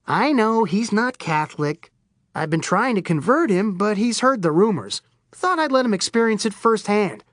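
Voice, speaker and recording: A woman's voice: medium pitch, animated, normal speed, no echo, lightly acted. An irreverent, rambling man with wild theatrical swings in his voice, as a woman reads him in an audiobook. He sounds close and dry, with no room around him. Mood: flippant. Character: manic wisecracking male Florida oddball. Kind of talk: audiobook character voice.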